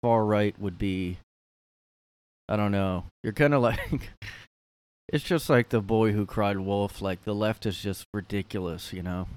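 A man with a fairly low voice rambles through his own solo podcast. He talks loosely, packs his sentences with fillers, and has a wry, sardonic edge. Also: darkish tone, smooth. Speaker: podcast host. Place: his room.

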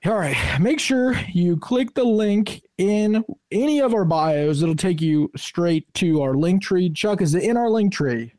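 A man's voice: sits high, animated, a little slow, hardly any pauses, darkish tone, no echo, clean studio sound. A man co-hosting a podcast, reading announcements in a chatty, joking way over a video call. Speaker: podcast co-host.

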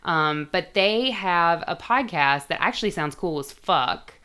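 Hoarse, lower-pitched woman with vocal fry. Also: animated, a little slow, bright, forceful tone. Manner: swears freely, laughs often, playful. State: hoarse, recovering from lost voice. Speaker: podcast co-host. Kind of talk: casual podcast chat.

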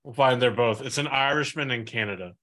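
Bright-voiced podcast co-host man. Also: mid-range voice, brisk. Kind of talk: casual podcast chat.

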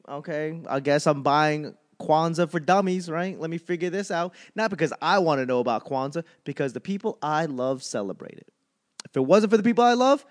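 A man doing a rambling, animated stand-up comedy monologue, ranting with frequent fillers. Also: on the high side.

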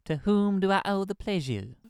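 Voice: mid-range voice, animated, normal speed, darkish tone, clear, resonant tone, no echo, studio quality, lightly acted. A performer voicing a folksy, naive young man who exclaims in surprise, in a comedy audio drama.

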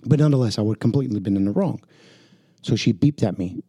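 A man's voice: on the low side, expressive, quick pace, dark tone, husky, dry recording, studio quality. A man with a New Jersey accent, co-hosting a podcast, telling stories animatedly, swearing and acting out quotes. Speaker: podcast co-host. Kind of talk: casual storytelling chat.

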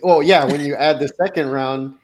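A man hosting a casual interview, relaxed and encouraging, tossing in "right?" as he talks. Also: a little high, moderate pace, a crowd in the background. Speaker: podcast host.

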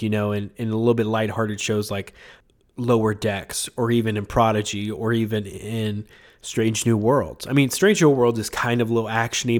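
A man hosting a podcast in casual chat, talking with a sick, congested voice and rambling with many fillers and chuckles. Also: medium pitch. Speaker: podcast host.

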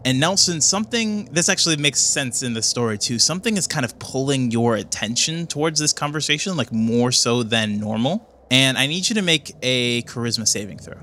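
Bright-voiced male game master. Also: medium pitch, expressive, slight background noise. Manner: descriptive, quick narration with fillers. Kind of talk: narrating a tabletop game.

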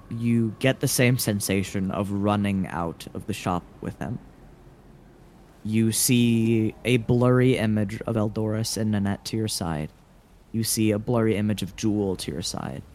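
Slow, measured male game master. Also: on the low side, a little mellow, a little hiss or hum. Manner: measured, dramatic scene-setting. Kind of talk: narrating a tabletop game.

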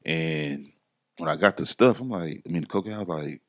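A man's voice: a bass voice, a little fast. A man, a podcast guest, telling his story in casual slang and acting out the voices of the people he quotes.

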